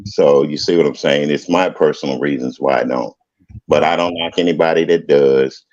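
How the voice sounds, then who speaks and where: A man talking as a guest in a casual chat, speaking slowly and earnestly with some halting restarts. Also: extremely low pitch, a little mellow. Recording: dull lo-fi sound.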